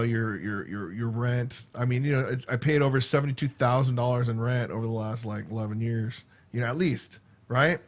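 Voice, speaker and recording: Rambling fifty-something man vlogging. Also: medium pitch. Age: 50s. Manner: rambling storyteller, filler-heavy, repeats words. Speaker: vlogger and school teacher. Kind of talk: casual chat.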